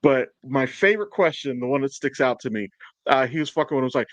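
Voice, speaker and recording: A man's voice: medium pitch, expressive, quick pace, no echo. A man hosting a podcast in casual chat, swearing a lot, rambling and laughing often. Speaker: podcast host.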